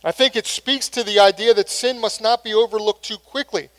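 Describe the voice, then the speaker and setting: A man's voice: high-pitched, steady tone, a little fast. A middle-aged male pastor preaching a sermon in an earnest, conversational way.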